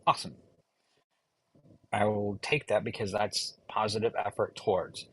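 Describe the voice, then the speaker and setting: A man's voice: on the low side, flat delivery, unhurried, husky, poor audio. A man who works as a life coach, talking in a firm, direct way during a casual podcast chat.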